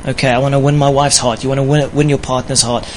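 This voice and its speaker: A man's voice: medium pitch, level tone, quick pace, slight background noise, poor audio. A man preaching about marriage in a light, playful way, often laughing with his audience. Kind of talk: sermon on marriage.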